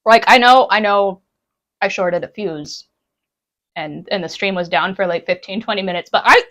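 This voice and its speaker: A woman's voice: mid-range voice, moderate pace, fairly bright tone. A young woman chatting casually with her stream from home while she cooks and eats brunch, bubbly and laughing often. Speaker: live streamer.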